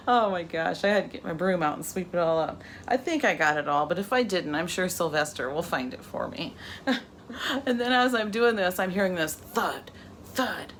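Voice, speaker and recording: A woman's voice: lowish voice, a bit bright, slight background noise. A middle-aged woman chatting casually in her home kitchen, laughing often as she cooks for a vlog. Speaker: vlogger. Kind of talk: casual cooking vlog chat.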